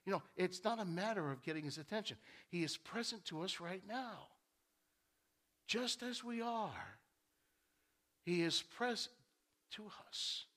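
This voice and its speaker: A man's voice: high-pitched, sing-song, a little slow, long pauses, fairly bright tone. A male pastor preaching a sermon in a church, talking conversationally and repeating key phrases for emphasis.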